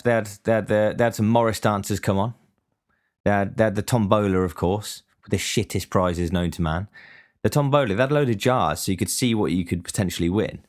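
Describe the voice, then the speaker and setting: A young man telling a rambling, sweary story in a casual, deadpan complaining way. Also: deep voice.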